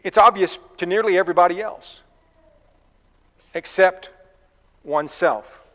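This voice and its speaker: A man's voice: sits high, a little slow, a bit bright. A man preaching a sermon in a church, talking in a conversational, folksy way with asides and a told fable. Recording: long reverb of a church hall.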